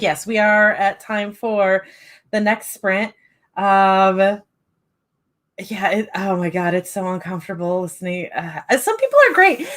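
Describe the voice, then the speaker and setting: A woman hosting a live writing-sprint stream, chatting casually and rambling with many fillers and giggles. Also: mid-range voice.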